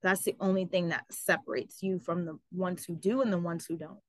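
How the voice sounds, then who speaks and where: A woman telling her story as an interview guest, animated and full of fillers like "like" and "um". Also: lowish voice, brisk, no echo, rough recording. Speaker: guest, travel business owner. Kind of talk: casual interview.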